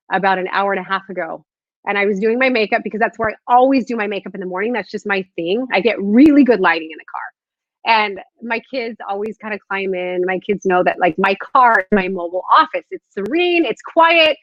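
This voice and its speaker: A woman in her thirties talking earnestly to followers on a live stream, nervous and halting with restarts. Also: medium pitch, dry recording, muffled recording. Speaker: social media host.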